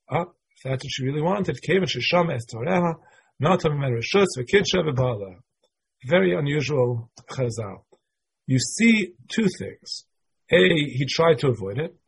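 Husky-voiced man teaching a class. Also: fairly high pitch, expressive, normal speed. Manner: conversational, thinking aloud. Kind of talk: casual lecture explaining religious texts.

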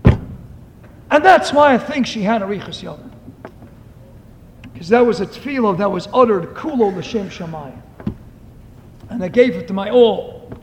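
Man, preacher, very high voice, impassioned sermon, long hall reverb. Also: animated, a little slow, long pauses, a little hiss or hum. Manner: impassioned, rising to shouts. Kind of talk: sermon with stories. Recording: echoey hall, faint ambience.

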